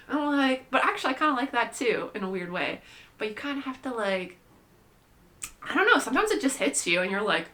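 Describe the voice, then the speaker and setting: A young adult woman vlogs in a casual, rambling monologue, her medium-pitched voice animated, fairly quick, and sharp. She's chatty, playful, and irreverent, saying "like" constantly.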